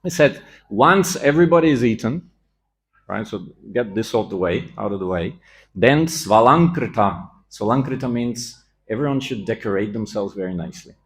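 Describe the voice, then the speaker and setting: A man's voice: fairly low pitch, expressive, normal speed. A man giving a scripture class in a temple, telling the story with animation and acting out the quoted lines.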